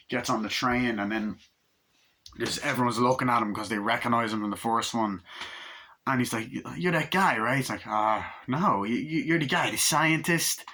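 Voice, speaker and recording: A man's voice: mid-range voice, bright, forceful tone. A young man giving a casual, rambling movie review, hyper and swearing a lot, slipping into silly voices for quotes.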